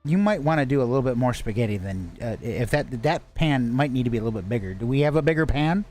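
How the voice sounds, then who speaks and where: Animated game master; rambling, profane, casual narration. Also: medium pitch, fast, faint music behind. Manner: rambling, swears heavily, many restarts.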